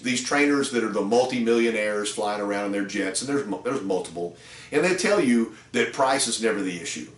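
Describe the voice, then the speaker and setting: A man's voice: fairly low pitch, a bit bright. A middle-aged man who trains car salespeople, telling a story in a casual, rambling way with fillers. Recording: roomy echo, distant mic.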